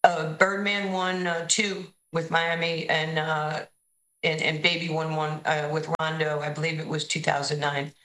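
Low, bright woman guest from New York, lively storyteller, echoey room. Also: a little slow. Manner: animated storyteller, acts out quoted voices. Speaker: basketball head coach, guest. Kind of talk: interview storytelling.

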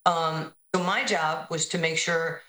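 In an interview, a New York woman who coaches basketball tells stories with real animation, acting out the voices of the people she quotes. Her voice is low and unhurried. The recording is low quality, made in a room with noticeable echo.

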